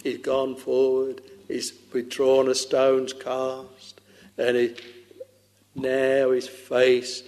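A man's voice: medium pitch, monotone, slow pace, a little mellow. A man preaching a sermon with old-style fervor, calling his listeners dear soul, sometimes swelling into a half-sung chant. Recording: long hall reverb.

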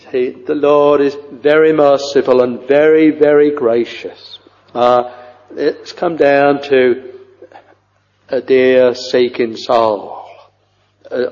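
An older man preaching a sermon with fervent, halting delivery and sing-song rises on scripture. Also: medium pitch, fairly even intonation, a little mellow. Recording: dull, echoey old church recording.

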